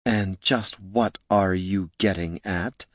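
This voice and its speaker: A man voicing a prickly, sharp-tongued young female mage who answers in a clipped, defensive way. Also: lowish voice, expressive, slow, no room sound. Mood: irritated.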